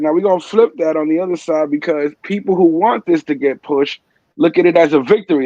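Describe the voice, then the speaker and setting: A man's voice: a little high, fairly quick, warm tone, dry recording, muffled recording. Slangy man hosting a livestream. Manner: loose, slangy, repeats himself. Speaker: morning show host. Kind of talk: casual livestream chat.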